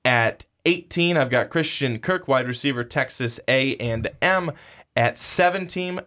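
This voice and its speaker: A man's voice: medium pitch, a little slow, pushed and bright. A man co-hosting a casual sports podcast, teasing his partner with dry wisecracks. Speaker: podcast co-host.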